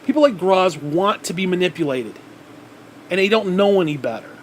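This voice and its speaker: A fairly high-voiced man in a heated vlog rant, cursing at nearly every turn and tripping over his restarts. A faint hum of air conditioning runs behind him. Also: animated, normal speed. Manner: heated, swearing constantly, restarting sentences. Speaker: vlogger. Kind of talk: angry profane rant to camera.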